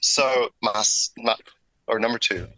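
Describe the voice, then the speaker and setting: A man's voice: mid-range voice, steady tone, unhurried, pushed and bright, no room sound, poor audio. A man guest on a podcast, an airbrush artist telling stories in casual, rambling chat, often breaking off and restarting his sentences. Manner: rambling, self-interrupting storyteller.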